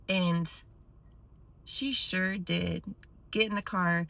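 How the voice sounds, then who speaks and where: A woman vlogger telling a story to her viewers in a casual, animated way with quick asides. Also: on the low side.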